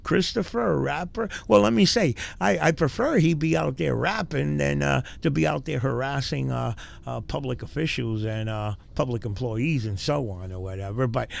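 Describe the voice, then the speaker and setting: Gravelly mocking commentary host. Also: male voice, medium pitch, moderate pace, few pauses. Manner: mocking, rambling with fillers. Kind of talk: casual commentary.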